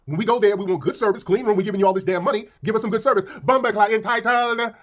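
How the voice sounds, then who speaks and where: A man's voice: sits high, racing, darkish tone. An American man ranting to camera in a mocking, fired-up way. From United States. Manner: mocking, ranting, quotes people in put-on voices. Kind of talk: casual rant to camera.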